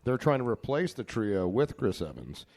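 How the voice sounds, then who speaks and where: A man's voice: mid-range voice, very animated, moderate pace, a little mellow. A man hosting a casual podcast, joking and telling stories, laughing often. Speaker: podcast host. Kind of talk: casual chat.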